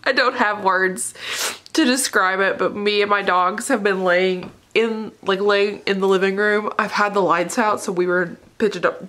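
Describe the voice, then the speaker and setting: A woman's voice: medium pitch, fairly even intonation, a little slow, fairly bright tone. A young woman vlogging casually at home about books she read, talking in an emotional, gushing way and laughing often. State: tearful. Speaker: book vlogger. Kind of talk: casual vlog chat. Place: dark living room at home.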